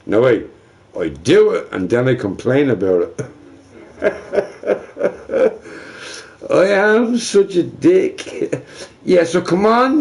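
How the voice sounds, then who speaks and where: Brief: male streamer, unhurried and rambling, pitch swings a lot, swears constantly, self-deprecating. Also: vocal fry, a little mellow. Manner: rambling, profane, self-mocking, laughing between remarks. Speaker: livestreamer. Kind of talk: casual livestream chatter.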